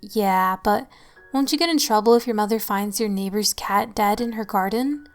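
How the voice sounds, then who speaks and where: A woman voicing a male cosmic clown entity, gentle and coaxing, in a read-aloud horror story. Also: medium pitch, moderate pace, close to an everyday voice. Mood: sly.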